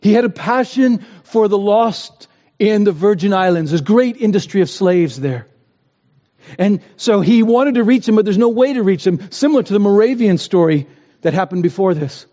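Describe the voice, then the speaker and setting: A man's voice: sits high, animated, normal speed, mellow. Man, preacher, sermon, earnest, impassioned, long hall echo, muffled sound. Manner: earnest, rising to impassioned pleas. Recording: dull, roomy hall sound.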